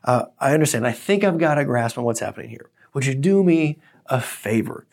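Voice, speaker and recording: A man's voice: mid-range voice, animated, fairly quick, darkish tone. A man voicing a patient woman shop manager coaxing a confused customer.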